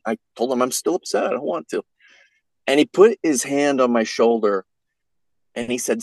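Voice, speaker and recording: Gravelly-voiced man telling a folksy story. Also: medium pitch, lively intonation, unhurried, pauses often, no echo, poor audio. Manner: folksy, rambling storyteller with many fillers. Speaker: podcast guest. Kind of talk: casual storytelling chat.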